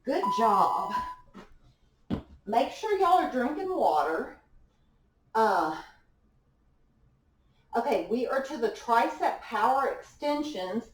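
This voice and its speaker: A young woman, working as a fitness instructor, leads a guided workout from a room in her home, calling out encouraging cues as she exercises along. Her voice sits on the high side and has a sing-song lilt, moving slowly with frequent pauses. A distant camera mic picks her up in an echoey room, with a little hiss or hum.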